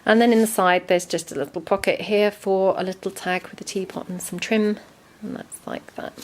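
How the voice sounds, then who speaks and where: A woman casually walking through a handmade junk journal, chatty and relaxed with frequent ums. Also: mid-range voice, a little fast, slight background noise. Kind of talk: casual show-and-tell narration.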